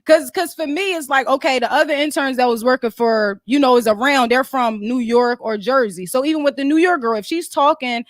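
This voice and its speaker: Host, woman, high voice, dry close sound, rambling off-the-cuff chat. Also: a little fast, hardly any pauses, dry recording. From Philadelphia. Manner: rambling, easily sidetracked, animated. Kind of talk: casual livestream chat.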